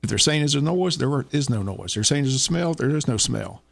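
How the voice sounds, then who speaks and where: A man's voice: mid-range voice, lively intonation, a little fast, creaky. A man co-hosting a radio talk show, pressing the same questions over and over. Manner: insistent, keeps repeating his questions.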